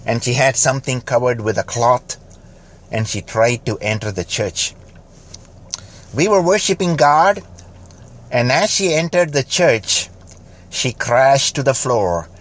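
A man preaching a fervent sermon, building to loud exhortation and dropping to quiet, slowed lines. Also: medium pitch. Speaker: pastor.

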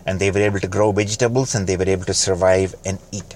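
A man preaching a fervent sermon, building to loud exhortation and dropping to quiet, slowed lines. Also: low-pitched, steady tone. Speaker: pastor.

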